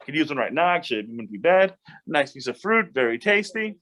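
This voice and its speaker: Chatty rabbi teaching Bible study. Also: male voice, a little high, fairly quick. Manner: animated, chatty, many restarts and asides.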